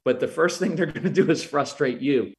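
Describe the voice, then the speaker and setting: A middle-aged parenting expert fields interview questions in a fairly high, darkish voice, speaking fairly quickly. Earnest and explanatory, he sometimes performs the things he says to kids and parents.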